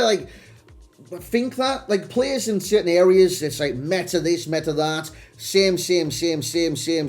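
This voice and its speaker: A man's voice: fairly high pitch, a little mellow. A young man chatting casually to his viewers as he reviews a game card. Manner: chatty, addresses viewers as lads and boys. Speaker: gaming video creator. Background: faint background music.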